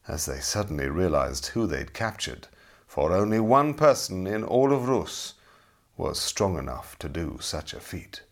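Middle-aged man, audiobook storyteller, low voice with very lively pitch. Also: breathy edge. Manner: expressive, dramatic. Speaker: narrator.

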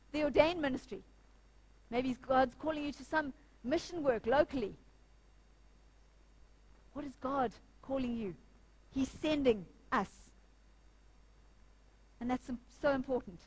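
Woman preacher, emphatic, slightly high voice, speaking in church. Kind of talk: sermon.

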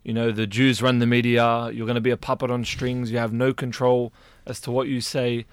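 A young man co-hosting a relaxed panel, feeling his way through each point with ums and restarts. His voice sits in a middle pitch and is recorded dry and close. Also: brisk, clear, resonant tone, no echo. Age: young adult. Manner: hesitant, with fillers and restarts, laughs easily. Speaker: journalism student and show co-host. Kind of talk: casual panel discussion.

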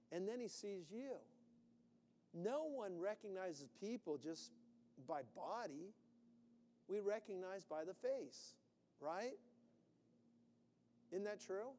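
High-voiced man preaching in an echoey hall. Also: slow, pauses often. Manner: animated, acting out anxious voices with sudden shouts. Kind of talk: sermon.

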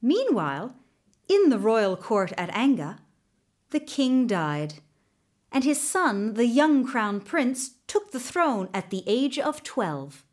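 A woman's voice: a little high, sing-song, slow, a little mellow. A woman storyteller reading a folk tale in scripted narration.

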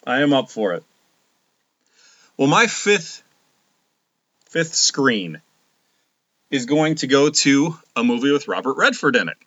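A man's voice: medium pitch, very animated, slow pace, pauses often, a bit bright, no room sound, muffled recording. A man co-hosting a casual podcast, joking and bantering about movies. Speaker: podcast co-host. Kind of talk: casual chat.

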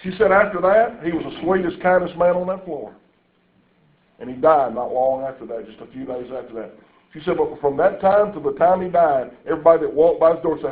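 A man's voice: a little high, fairly quick. A man preaching a sermon to a congregation, telling folksy stories and turning to the listeners with asides. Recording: echoey room over a tinny phone-like line.

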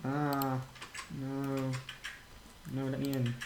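A man's voice: mid-range voice, completely flat delivery, drawn-out words, darkish tone. A man chatting casually while playing a game, joking and crude. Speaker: gamer. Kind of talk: casual gaming chat. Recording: roomy home mic with faint noise.

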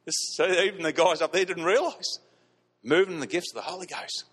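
A fairly high-voiced man preaching to his congregation, telling stories with lively emphasis and repeating key phrases. His voice rings out with a long hall reverb around it. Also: a little fast, husky. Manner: animated, repeats lines for emphasis, laughs at his own stories. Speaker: pastor. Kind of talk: storytelling sermon. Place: church hall.

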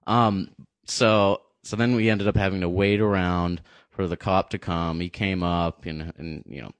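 Low-ish guy rambling through a story, lots of likes, dry close sound. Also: steady tone, measured pace, no room sound. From New Hampshire. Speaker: podcast co-host. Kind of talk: casual storytelling chat.

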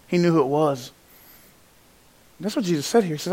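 High-voiced preacher with dynamic swings. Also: male voice, normal speed, pauses often. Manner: animated, swings from loud to hushed, acts out quotes. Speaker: pastor. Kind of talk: sermon.

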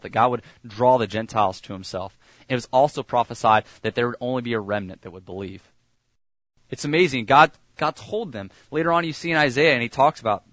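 A male pastor preaches in a relaxed, conversational style. His pitch sits mid-range for a man, and he often sinks to a quieter, lower voice on key lines. The sound is dry and close, with no room echo. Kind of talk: sermon.

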